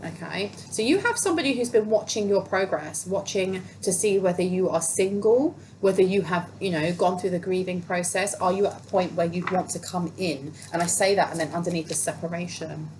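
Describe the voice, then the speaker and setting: A woman's voice: lowish voice, a little fast, hardly any pauses, low-quality recording. A woman giving a casual tarot reading, talking in a chatty, emphatic way and repeating phrases for stress. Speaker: tarot reader. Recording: steady background noise.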